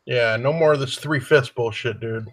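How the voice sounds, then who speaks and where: A man's voice: mid-range voice, normal speed. A man co-hosting a casual podcast chat who talks in a laid-back way, agrees a lot and keeps saying "dude".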